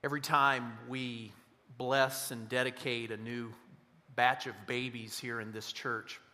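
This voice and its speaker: A man preaching a sermon in a church, earnest and slowing down to stress key words. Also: mid-range voice, flat delivery, bright, forceful tone, long reverb tail. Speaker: pastor. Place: church sanctuary.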